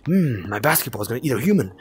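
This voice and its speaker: A young man giving casual commentary while he plays a game, excitable and cooing at a creature in baby talk. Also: medium pitch, very fast, faint music behind. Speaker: gaming video creator.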